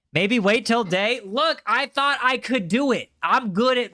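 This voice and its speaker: A man's voice: very high-pitched, expressive, measured pace, few pauses, bright, forceful tone, dry recording, clean studio sound. A young man streaming a game and chatting with viewers, teasing and joking, often repeating lines for comic effect. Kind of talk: casual live-stream chat while gaming.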